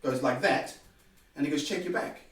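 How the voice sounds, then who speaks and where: Male podcast guest, lively storyteller who voices the dialogue; slightly high voice, recorded at a distance. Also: moderate pace. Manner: animated, acts out quoted dialogue. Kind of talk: personal storytelling. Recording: very echoey room, distant mic.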